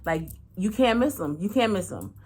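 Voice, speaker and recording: A lively woman, telling a story in a casual storytime vlog. She is frank and slangy and curses freely. Her pitch leaps high and drops low as she plays out each person's lines. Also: moderate pace, husky. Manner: animated, acts out every voice with big pitch swings. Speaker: channel host.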